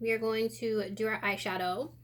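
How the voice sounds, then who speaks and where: A woman's voice: medium pitch, flat delivery, fairly quick, loud music behind the voice. A woman giving a casual makeup tutorial, chatting and thinking aloud as she works, a little out of breath. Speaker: beauty vlogger. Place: indoor room with sunlight coming in.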